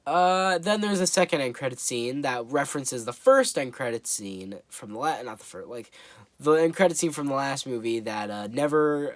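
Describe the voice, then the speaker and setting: A man's voice: mid-range voice, no echo. A man giving a casual spoken movie review, rambling and hesitant with lots of fillers.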